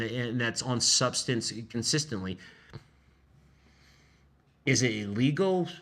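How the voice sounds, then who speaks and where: Male streamer, mid-pitched, rambling and agitated, with many false starts. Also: fairly bright tone. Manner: agitated, repetitive, restarts often. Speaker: livestreamer. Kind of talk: rambling livestream monologue.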